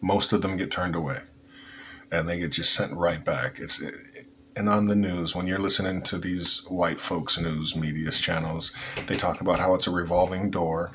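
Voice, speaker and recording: A man's voice: low voice, steady tone, normal speed, a bit bright, slight background noise. A man giving a casual, rambling opinion monologue for his vlog, often restarting his sentences. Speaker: vlogger.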